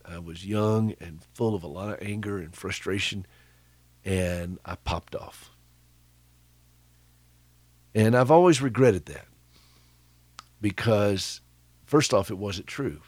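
A man's voice: lowish voice, takes it slowly, long pauses, a little mellow, dry recording. A middle-aged man, hosting a radio show and telling stories with a chuckle, often asking his listeners questions. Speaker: radio host. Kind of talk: conversational radio talk.

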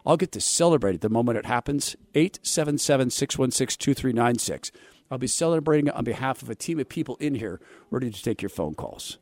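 A man's voice: mid-range voice, animated, quick pace, darkish tone, no echo. A man hosting a religious talk show, giving sarcastic, preachy commentary on soundbites and asking for donations. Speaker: radio show host.

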